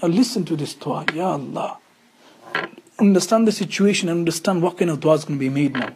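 A man's voice: fairly high pitch, normal speed, a little mellow, a little hiss or hum. Earnest man teaching a religious lesson. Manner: earnest storytelling with emphatic rhetorical questions. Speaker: Islamic studies teacher.

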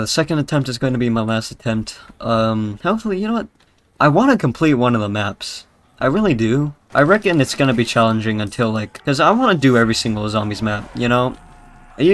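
Crude rambling British gamer guy. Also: medium pitch. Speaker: gaming YouTuber. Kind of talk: casual gameplay commentary.

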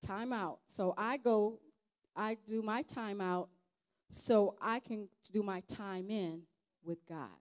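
A woman speaking as a guest at a church event, giving an informal testimony sermon in an earnest, halting, conversational way with many restarts. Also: medium pitch, darkish tone.

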